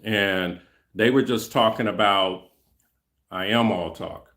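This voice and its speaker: Slow-talking middle-aged male host, rambling. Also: fairly low pitch, a bit bright. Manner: rambling, repeats himself, speaks to chat directly. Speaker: channel host. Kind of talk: casual livestream talk to viewers.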